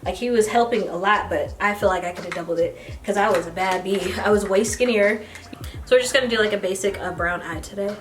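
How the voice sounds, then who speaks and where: A young American woman, a beauty vlogger, telling a story while doing her makeup. She talks casually and animatedly, with bursts of excited squealing. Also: medium pitch, fairly quick, soft background music. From United States. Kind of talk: get-ready-with-me storytime.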